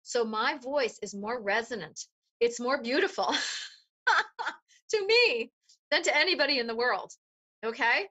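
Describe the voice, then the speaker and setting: A woman voice coach explaining voice resonance in an animated, demonstrative way during an interview. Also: fairly high pitch, measured pace, pauses often, lo-fi sound. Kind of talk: interview conversation.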